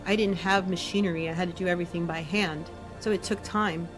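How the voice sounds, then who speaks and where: A woman's voice: fairly low pitch, fairly even intonation, fairly quick, over music. A woman guest in an interview, telling her story casually and acting out her own inner voice. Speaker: guest, essence maker.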